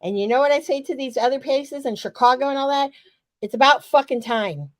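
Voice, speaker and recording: A woman's voice: sits high, fairly quick, no room sound. A woman from the US West Coast co-hosting a casual wrestling podcast, emphatic, profane and fired-up. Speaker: podcast co-host.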